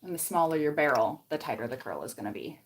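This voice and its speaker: A woman's voice: deep voice, expressive, fast, slightly rough. Chatty Canadian woman doing her hair. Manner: chatty, rambling, reads comments aloud. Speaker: beauty vlogger. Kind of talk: casual livestream chat while styling hair.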